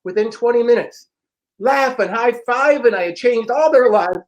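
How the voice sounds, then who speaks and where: A middle-aged man, an interview guest and personal growth teacher, telling a story in a frank, profane, animated way and acting out the dialogue. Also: very high voice, moderate pace, muffled recording. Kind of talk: casual storytelling.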